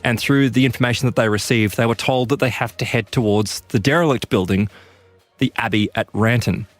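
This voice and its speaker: A man's voice: brisk, no echo, soft background music. A man hosting a podcast, narrating an eerie story with dramatic emphasis. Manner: dramatic, emphatic pitch lifts. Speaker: podcast host.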